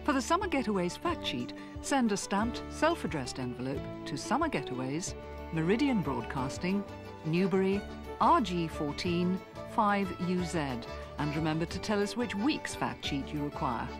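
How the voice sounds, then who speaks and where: A woman's voice: lowish voice, very animated, normal speed, loud music behind the voice. A woman presenting a travel show and reading out contact details in a chatty broadcast way. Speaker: continuity announcer and presenter. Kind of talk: television presenting.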